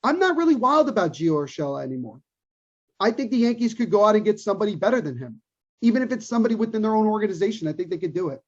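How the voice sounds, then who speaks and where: A man with a husky, breathy edge holds forth on a sports podcast, emphatic and opinionated. He hammers his points home by repeating them. The sound is muffled and lo-fi. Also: sits high, sing-song, racing, a little mellow. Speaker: podcast co-host. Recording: dull lo-fi recording.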